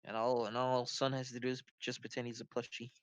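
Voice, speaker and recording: A man's voice: medium pitch, flat delivery, brisk, dry recording, muffled recording. A man playing in a tabletop game, talking in an offhand, casual way. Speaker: player.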